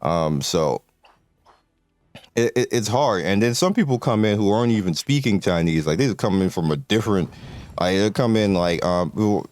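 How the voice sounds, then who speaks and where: A man's voice: fairly low pitch, lively intonation, normal speed, a little mellow, no echo. A man from the United States chatting casually as a gaming video creator, rambling with lots of fillers and restarts and laughing often.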